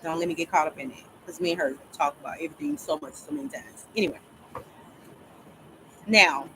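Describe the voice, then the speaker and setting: A woman casually telling a long story to her viewers, rambling and animated, often laughing as she talks. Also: low voice, brisk, background noise. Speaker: storyteller vlogger.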